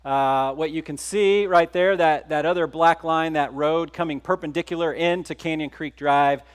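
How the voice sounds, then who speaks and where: A man's voice: a little high, fairly even intonation, moderate pace, clean tone. A middle-aged man from Texas giving a conference keynote, telling a story in a conversational way and putting questions to the audience. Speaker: keynote speaker. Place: conference stage.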